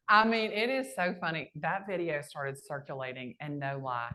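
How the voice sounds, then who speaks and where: A woman's voice: low voice, moderate pace. A woman, a guest speaker telling brash, folksy stories on stage at a sales rally. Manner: brash, lively, folksy storyteller. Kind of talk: storytelling talk on stage.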